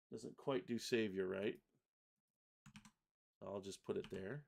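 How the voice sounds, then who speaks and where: A man hosting a livestream software tutorial in a relaxed, chatty way, reading lyrics aloud as he types and clicks. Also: on the low side, unhurried, gravelly, slight background noise. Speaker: host, software product designer. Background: keyboard typing and mouse clicks.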